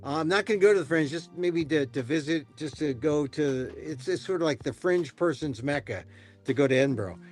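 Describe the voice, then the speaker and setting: An older man hosting a casual comedy talk show, mocking politics with sarcastic, deliberately simple phrasing. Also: on the high side, lively intonation, soft background music. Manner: playful, mock-simple sarcasm. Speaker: host.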